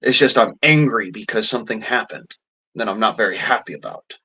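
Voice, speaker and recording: A man's voice: fairly low pitch, fairly quick, pushed and bright, slightly rough, muffled recording. A man ranting in a vlog, swearing constantly in a blunt, rambling way with folksy slang. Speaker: vlogger.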